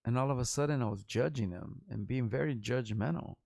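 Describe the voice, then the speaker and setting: A man's voice: medium pitch, fairly quick, creaky, a little mellow, no room sound, clean studio sound. A man in his forties from Los Angeles, a rapper talking in a rambling, profane and candid vlog monologue.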